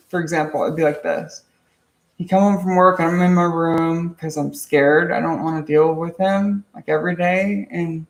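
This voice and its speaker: A young man speaks in a high voice with a gravelly, creaky texture. He tells his own story casually, stopping and restarting often and swearing freely. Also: echoey room. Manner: halting, many restarts and fillers, frequent swearing. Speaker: vlogger.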